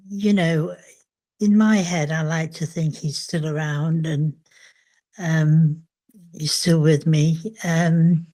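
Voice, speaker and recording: An older woman, a memoir author, speaking reflectively in an interview, thoughtful and hesitant with frequent pauses. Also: low-pitched, dark tone.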